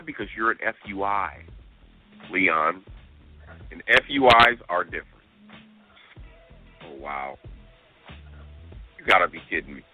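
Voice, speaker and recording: This radio co-host has a mid-range, sharp-toned voice as he reads listener emails on a talk show, breaking into exasperated, disbelieving outbursts. The sound is tinny, like a phone line, with music underneath.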